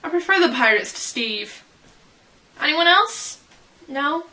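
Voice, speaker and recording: Young woman, fan vlogger, slow giggly ramble, bright tone. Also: high-pitched, expressive, poor audio. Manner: giggly, rambling, self-deprecating. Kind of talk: casual chat.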